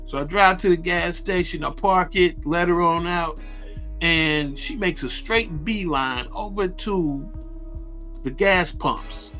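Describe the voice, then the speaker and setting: A man hosting a radio show, telling a street story in a laid-back, crude and boastful way, with halting restarts. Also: high-pitched, sharp tone, faint music behind. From Ohio. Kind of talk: casual profane storytelling.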